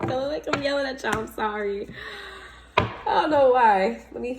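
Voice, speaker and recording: A woman's voice: high-pitched, lively intonation, moderate pace, vocal fry, heavy background noise. A woman reading tarot to camera in a casual, blunt and chatty way. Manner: blunt, scolding, chatty, laughs often. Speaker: tarot reader.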